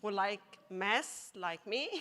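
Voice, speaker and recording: A woman from Egypt, a math teacher giving an emotional acceptance speech, laughing often and pausing with fillers. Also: mid-range voice, lively intonation, bright, forceful tone.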